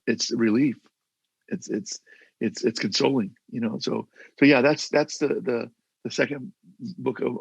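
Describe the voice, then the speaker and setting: A man's voice: mid-range voice, vocal fry, slightly rough, dry recording, dull audio. An older man and former mayor, a guest telling stories in a casual interview, earnest and rambling with many restarts, heard over a video call.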